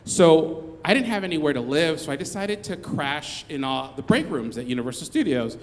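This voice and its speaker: A man telling a comic story live on stage, rambling along with restarts and quick asides. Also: on the high side, lively intonation, long reverb tail.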